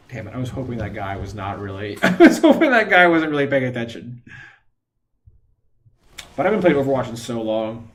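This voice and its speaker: A man's voice: mid-range voice, expressive, moderate pace, pauses often. A man live-streaming from home into a desk microphone, rambling casually to his chat and laughing often.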